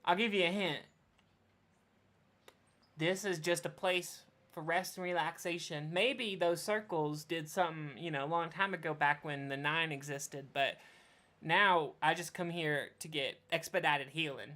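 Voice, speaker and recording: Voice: medium pitch, steady tone, measured pace, bright, forceful tone. A game master voicing Three, a sly, teasing helper who dodges questions in a playful, dry way, in an everyday voice. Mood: breezy.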